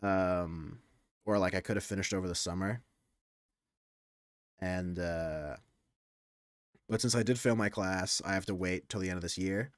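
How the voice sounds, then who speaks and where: A man's voice: deep voice, unhurried, pauses often, dry recording, studio quality. A young man casually chatting to his stream audience, rambling and crude, often restarting his sentences. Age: young adult. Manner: rambling, self-interrupting, crude.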